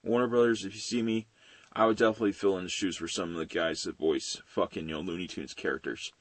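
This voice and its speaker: A man's voice: sits low, fairly even intonation, fast, no room sound. A man in his late twenties giving a rambling, profane, casual film review with frequent laughs. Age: late 20s.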